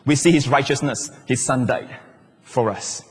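A male pastor preaching a sermon in a large church hall, emphatic and shouting at the high points, with wide swings in pitch. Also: normal speed, husky. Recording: long church-hall reverb.

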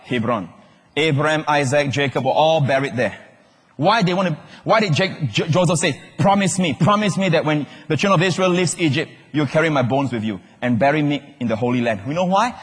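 Animated preacher man, husky voice. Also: mid-range voice. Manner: animated, calls out questions and shouts key words. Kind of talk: sermon. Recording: long hall reverb.

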